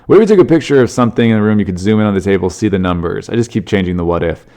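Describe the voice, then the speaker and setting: A man hosts a solo comedy podcast, riffing loosely on odd news stories. He rambles, jokes and swears freely in a somewhat low voice. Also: racing, dark tone. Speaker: podcast host.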